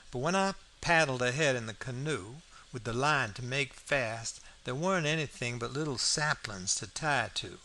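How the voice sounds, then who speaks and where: A man's voice: mid-range voice, sharp tone. A man reading an audiobook aloud, in a folksy first-person storytelling manner with plain vernacular grammar. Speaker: audiobook narrator. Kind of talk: scripted narration.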